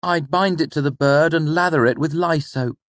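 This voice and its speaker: A man's voice: on the high side, moderate pace, a bit bright, dry recording, voice pushed up, natural voice. A man voicing a clever, cheeky young male student in an audiobook. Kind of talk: audiobook character voice.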